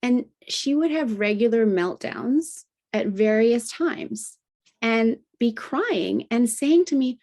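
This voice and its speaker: A woman's voice: expressive, slow pace, darkish tone. A middle-aged woman, a health coach, telling a personal story in a conversational podcast interview and often adding "you know" and "right?". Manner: acts out remembered dialogue with lifted pitch. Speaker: guest, integrative health practitioner and health coach.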